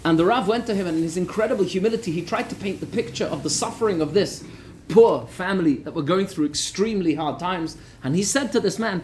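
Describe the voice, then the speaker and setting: A man, a rabbi, telling a story in a lively Torah lesson, repeating words for emphasis. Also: high-pitched, a little fast, hardly any pauses, slight background noise. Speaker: rabbi teaching a weekly class.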